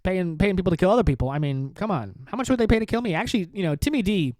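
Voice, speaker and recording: A man's voice: sits high, expressive, very fast, a little mellow, dry recording. A man hosting his own podcast, talking alone in a sarcastic, provocative, rambling way. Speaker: podcast host. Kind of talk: solo comedic podcast rant.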